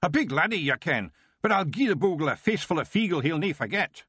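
A man's voice: on the high side, sing-song, brisk, fairly bright tone, husky, no echo, voice pushed up, heavily acted. A man voicing a small, boastful male pictsie brawler with a Scottish accent.

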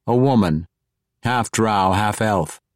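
A man doing a smooth, courtly dark elf rogue. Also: lowish voice, slow, dry recording, studio quality. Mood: smooth diplomatic. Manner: polished, ornate phrasing.

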